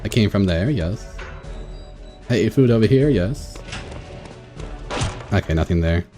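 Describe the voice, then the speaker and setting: A man's voice: fairly low pitch, expressive, a little slow, dark tone, soft background music. A man casually commentating his own game playthrough, thinking aloud and laughing often. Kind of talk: casual let's-play commentary.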